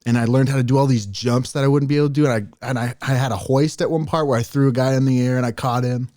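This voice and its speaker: A young man co-hosting a podcast, telling stories in a casual, animated way and acting out quoted voices. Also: mid-range voice, fast, no room sound, studio quality. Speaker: podcast co-host. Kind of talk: casual chat.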